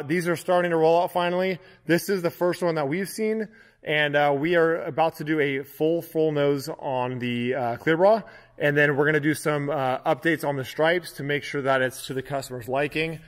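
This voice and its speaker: A man with a fairly high voice walks through his large car workshop, chatting casually about the cars in his shop. He speaks in a relaxed way with frequent filler sounds. The big space gives his voice a long, hanging reverb. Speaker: car protection shop owner giving a tour. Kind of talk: casual walk-through vlog.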